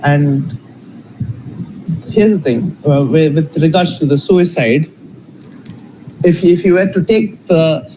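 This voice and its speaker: A man with a somewhat higher voice argues his case in a live debate. He speaks in a measured way and hesitates often. Noticeable noise runs under his audio. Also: warm tone, poor audio. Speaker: Christian debater.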